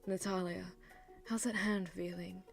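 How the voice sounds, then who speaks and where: A composed, gentlemanly older colonel who speaks calmly and courteously, read by a woman in a lowered voice. Faint music plays underneath. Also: unhurried, vocal fry.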